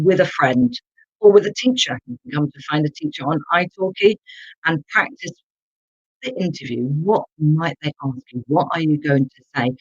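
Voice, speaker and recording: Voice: medium pitch, no echo, dull audio. An English teacher giving a live online lesson, repeating key words for learners to copy and calling on viewers in the chat. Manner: addresses viewers in the chat directly.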